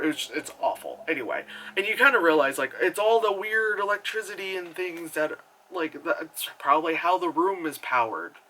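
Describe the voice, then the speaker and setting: A man rambles through a movie recap in a casual review vlog, sarcastic and loose with the swearing. His voice sits a little high, with a bright, sharp edge. He leans on endless fillers and restarts as he goes. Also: rough recording.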